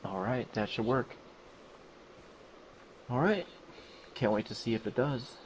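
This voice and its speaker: Man, relaxed gamer, easygoing chat, faint hiss in the background. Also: medium pitch, unhurried, muffled recording. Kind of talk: casual chat while playing.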